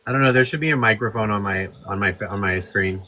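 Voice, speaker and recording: A man's voice: lowish voice, quick pace, crowd noise. A man joining a livestream as a guest, talking casually and bluntly. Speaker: guest on a live panel.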